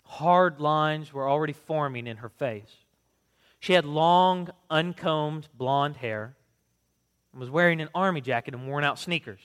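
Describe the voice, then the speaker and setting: A man, a pastor, reading scripture and praying in an earnest, measured way, then reading from a book. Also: on the high side, a bit bright, clean tone, big-room sound. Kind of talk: sermon reading.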